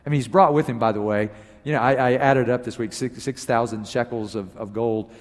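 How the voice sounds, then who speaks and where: A man preaching a sermon as pastor, telling a story with animated emphasis, his voice swinging from loud peaks to low asides. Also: brisk. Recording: long reverb of a large hall.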